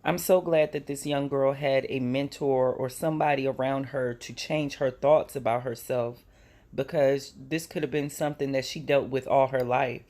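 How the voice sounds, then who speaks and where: Host talking through news stories, earnest and measured, mid-pitched voice. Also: fairly even intonation, a little mellow. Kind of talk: commentary on news clips.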